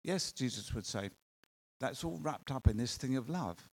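Male preacher, gravelly voice, earnest conversational sermon. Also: mid-range voice, big pitch swings, measured pace, a little mellow.

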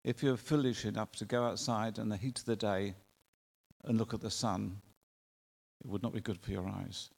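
A male preacher delivering a sermon in an earnest way, with drawn-out emphatic phrasing and rhetorical questions. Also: fairly low pitch, fairly even intonation, creaky, darkish tone. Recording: long reverb of a large hall.

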